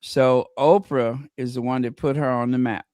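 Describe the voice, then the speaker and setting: A man co-hosting a casual gossip chat, animated and mocking, breaking into impressions. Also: medium pitch, moderate pace, no room sound. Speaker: co-host.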